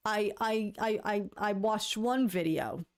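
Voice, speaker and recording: A woman's voice: mid-range voice, slow pace, clean tone. A woman hosting a casual livestream, talking to her viewers in a rambling way, stammering into restarts and playfully lamenting in a mock-dramatic tone. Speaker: livestream host.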